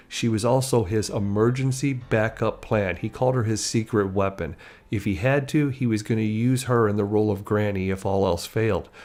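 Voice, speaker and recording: A man's voice: on the low side, darkish tone. A man narrating a biography in a chatty storytelling manner. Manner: chatty, acting out quoted lines.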